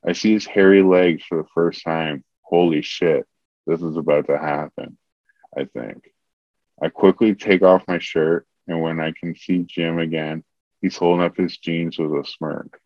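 Deep-voiced man reading comic erotica. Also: dry recording, lo-fi sound. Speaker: comedian reading his own erotica. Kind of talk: comedic reading of a written story.

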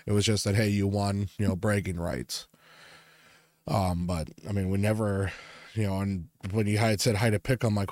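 Low-voiced joking male podcast co-host. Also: little pitch movement, normal speed, a little mellow, dry recording. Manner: joking, teasing, swears freely, laughs often. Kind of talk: casual chat.

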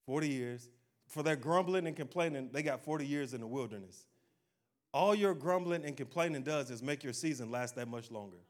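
A man of medium pitch speaks fairly quickly as he delivers a sermon. As a pastor, he keeps it folksy and conversational, using call-and-response exhortation, calling out "amen," and acting out quotes.

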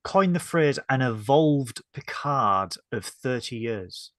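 A man from northern England recaps a TV episode, scene by scene, in a casual review chat. He hesitates and corrects himself often as he talks. His mid-pitched voice sounds dry and close, with no room around it. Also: lively intonation, slow pace, fairly bright tone, no room sound. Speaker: podcast co-host.

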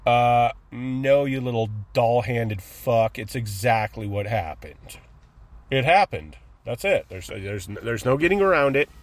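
A man's voice: mid-range voice, expressive, measured pace. A man hosting a casual podcast, ranting sarcastically and with lots of profanity. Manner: profane, sarcastic, acts out mocking voices. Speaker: podcast host.

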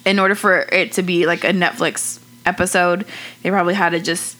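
Bright-voiced woman recounting a crime case. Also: on the low side, a little fast. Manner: relaxed storyteller, casual swearing. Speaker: podcast co-host. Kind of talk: casual true-crime chat.

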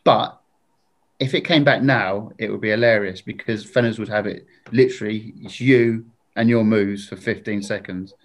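A man's voice: on the low side, fairly even intonation, normal speed. A man, a podcast guest who tells long, rambling stories in casual chat and laughs as he talks. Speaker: podcast guest, former football show presenter.

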